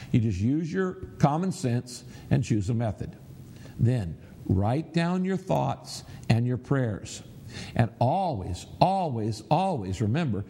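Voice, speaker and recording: A man's voice: medium pitch, dark tone, slightly rough. A middle-aged man preaching a sermon, teaching in an earnest, emphatic way with prayerful asides. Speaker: pastor.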